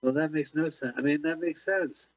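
Wisecracking guy with a husky voice, dry and kinda dull sounding. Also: on the high side, steady tone, no echo. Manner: wisecracking, quick puns. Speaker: podcast co-host. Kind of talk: casual movie riffing.

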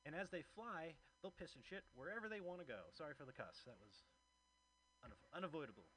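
A man's voice: fairly high pitch, lively intonation, fast, pushed and bright, a little hiss or hum, poor audio. A man doing a stand-up comedy set, telling a rambling story with chuckles, and acting as emcee.

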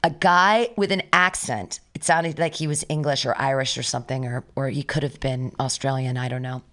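A woman's voice: very deep voice, fairly even intonation, a little fast, a bit bright. A young woman co-hosting a radio show, telling stories in blunt, profane casual chat. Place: radio studio.

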